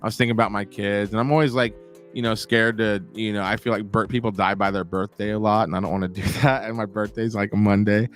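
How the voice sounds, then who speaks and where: A man hosting a casual show, telling a long story in an animated, profane, rambling way. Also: lowish voice, fast talker, faint music behind.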